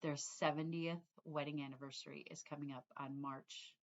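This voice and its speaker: A middle-aged woman with a fairly low voice chats to her viewers in a loose, rambling way. She often trails off and starts her sentences over. The sound is a little dull and lo-fi, as from a home setup. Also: level tone, moderate pace. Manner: rambling, chatty, trails off and restarts. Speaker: cross-stitch vlogger. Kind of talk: casual chat to viewers.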